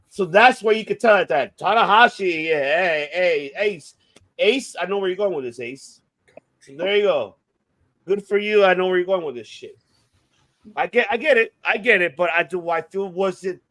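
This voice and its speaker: A man co-hosting a casual wrestling debate podcast, ranting heatedly with lots of swearing and sudden swings in loudness. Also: sits high. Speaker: podcast co-host.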